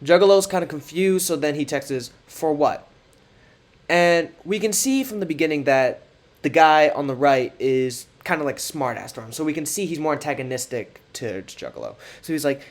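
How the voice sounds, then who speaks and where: A man's voice: a little high, expressive, normal speed. A man giving casual commentary, reading out text messages in a sarcastic, mocking way. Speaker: commentary creator.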